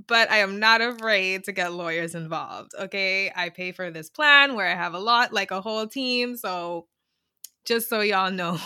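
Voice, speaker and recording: A woman from Antigua co-hosts a chat podcast. Her voice is bright and forward, and she giggles as she talks. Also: mid-range voice, animated, measured pace, clean tone. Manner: giggly, chatty. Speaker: podcast co-host. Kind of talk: casual chat.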